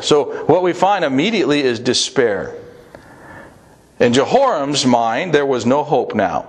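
A man preaching a sermon in a conversational way, with emphatic rises in pitch and a pace that speeds up and slows down. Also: lively intonation. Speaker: pastor.

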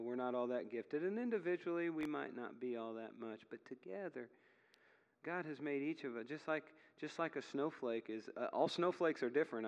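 A male pastor preaching a sermon, telling stories with growing animation and near shouts at the peaks. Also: medium pitch, long reverb tail, highs cut off.

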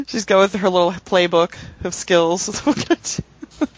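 A rambling podcast co-host, a man with a fairly high voice, talking casually with many fillers. The recording sounds dull and lo-fi. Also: husky. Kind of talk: casual book discussion and reading.

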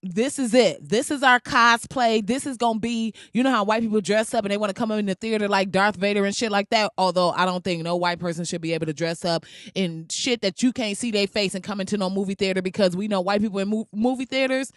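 A podcast host telling stories in casual, comedic chat, animated and full of slang and swearing, laughing often. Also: mid-range voice, fast, dry recording, studio quality. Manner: animated, slangy, profane storytelling with frequent laughs.

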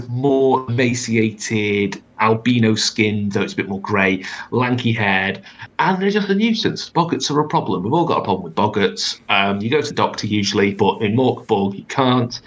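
A man runs a tabletop game over a video call and narrates the scene in a wry, rambling way. His voice sits in a middle pitch, and fillers often break up his lines. He sounds like he is talking into a computer mic. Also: expressive, normal speed, low-quality recording. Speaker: game master.

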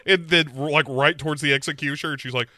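A man's voice: on the high side, steady tone, fast, pushed and bright, no room sound. A man co-hosting a podcast, casually recapping a show and acting out quotes in a rambling, playful way. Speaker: podcast co-host.

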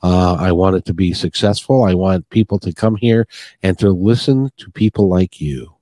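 Podcast host, male, rambling and sincere, slightly low, dry close recording. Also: moderate pace, mellow, no echo. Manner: rambling, earnest, with many restarts. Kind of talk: heartfelt podcast interview chat.

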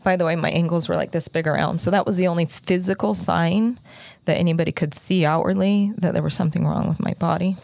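Middle-aged woman, podcast host, candid storytelling, flat low delivery, dry close sound. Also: fast, creaky, dry recording. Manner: candid, conversational, lots of filler "like". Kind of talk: personal storytelling.

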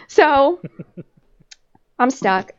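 A woman podcast host tells a story in casual chat, laughing often and swearing freely as she rambles through fillers. Her voice sits a little high and comes through dull, lo-fi audio. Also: big pitch swings, extremely slow. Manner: laughs often while telling.

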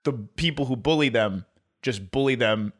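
A man's voice: mid-range voice, moderate pace. A man co-hosting a podcast in casual chat, riffing on jokes and laughing hard. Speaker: podcast co-host.

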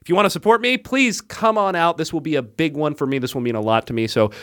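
A man's voice: fairly high pitch, fast talker. A man co-hosting a casual comedy podcast who tells stories with lots of energy and acts out the people in them. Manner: animated storyteller, acts out voices in quotes. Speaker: podcast co-host. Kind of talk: casual chat.

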